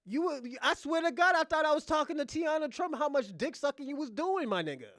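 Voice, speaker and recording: A man's voice: very high voice, animated, fairly quick, fairly bright tone, dry recording, studio quality. A man hosting a casual livestream rant, mocking someone, laughing often and repeating himself. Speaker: livestream host.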